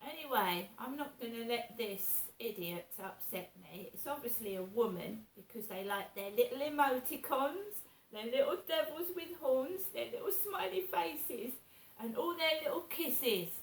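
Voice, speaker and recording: Here a woman with a somewhat high, animated voice keeps a measured pace, the mic set at a distance. She vlogs in an aggrieved, meandering rant, circling back over her complaints. You can hear room echo and a light hiss.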